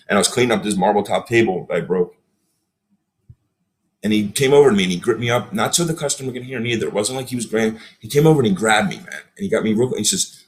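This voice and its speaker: A man's voice: lowish voice, quick pace. A man, a podcast guest telling stories in casual chat and acting out the people he quotes. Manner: animated storyteller, acts out quotes.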